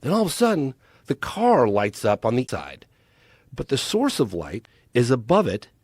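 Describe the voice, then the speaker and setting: A man's voice: medium pitch, wildly swooping pitch, moderate pace, darkish tone, husky, dry recording, studio quality. A man telling a long story as a guest on a casual podcast. He talks emphatically and animatedly, with many restarts. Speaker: podcast guest, documentary filmmaker.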